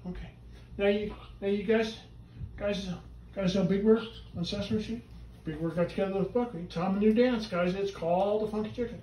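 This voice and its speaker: A man performing a live show with his talking bird, coaxing it loudly and often yelling his patter. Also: high voice, brisk, slight background noise. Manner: loud, coaxing and prone to yelling. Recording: echoey room from far off.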